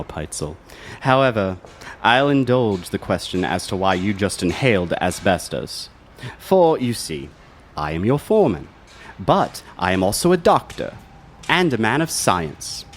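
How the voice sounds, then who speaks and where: A silky, menacing foreman who calls himself a doctor, played by a man. His low voice rises and dips with a lively, mocking lilt. Every line lands as a condescending threat in this audio drama. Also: slight background noise. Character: scheming male foreman and doctor, coldly smug. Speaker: villain.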